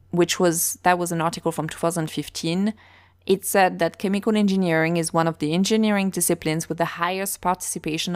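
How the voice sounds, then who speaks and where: A woman's voice: lowish voice, clean tone, dry recording, clean studio sound. A woman podcast host with a slight French accent, chatting casually and laughing easily while recording at home.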